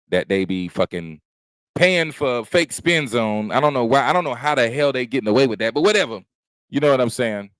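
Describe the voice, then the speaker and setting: A man with a lowish, smooth voice, captured in a dry recording, hosts a casual stream as a comedian. Lighting up at home, he swears freely and rambles through relaxed stories about his life there.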